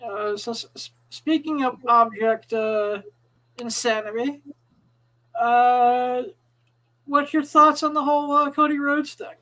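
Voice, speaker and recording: A podcast host in casual chat, talking haltingly with many fillers and restarts. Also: medium pitch, fairly even intonation, pushed and bright, rough recording.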